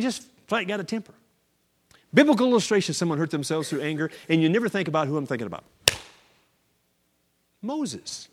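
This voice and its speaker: A male pastor preaching a sermon, animated storytelling with acted-out voices and sudden shouts. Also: high voice, big-room sound.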